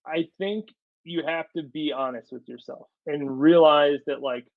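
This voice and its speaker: A man with a somewhat high voice talks with energy as a podcast guest, repeating words to stress his points. The sound is dry and a little dull, with no room around it. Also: fairly even intonation, measured pace, no echo. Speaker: podcast guest, company storyteller. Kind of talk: casual business interview.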